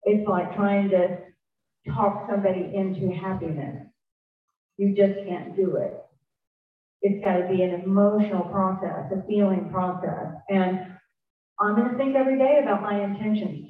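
A woman's voice: mid-range voice, unhurried. A woman talks frankly to a group about twelve-step recovery, wandering and self-mocking with frequent restarts. She sits far from the mic in a very echoey room. The sound is thin and phone-like. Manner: candid, self-deprecating, rambling with restarts. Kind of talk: informal talk to a group.

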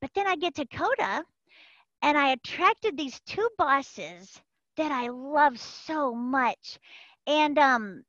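A woman giving an animated, folksy personal testimony to a support group over an online call, repeating phrases for emphasis. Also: high-pitched, slow, no room sound. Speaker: member sharing at a support group. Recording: dull lo-fi call audio.

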